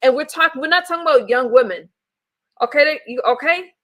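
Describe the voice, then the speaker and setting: Blunt woman streamer, bright voice. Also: sits high, brisk. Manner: defensive, blunt, swears often. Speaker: streamer reacting to commentary. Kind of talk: casual livestream commentary.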